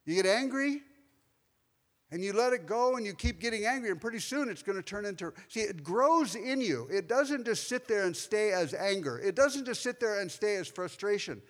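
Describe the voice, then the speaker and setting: A man's voice: high voice, animated, normal speed, a bit bright. A man preaching as a pastor, telling a personal story and speaking straight to members of the congregation. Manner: personal, confessional storytelling with asides to listeners. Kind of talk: sermon. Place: church sanctuary. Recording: long hall reverb in a church.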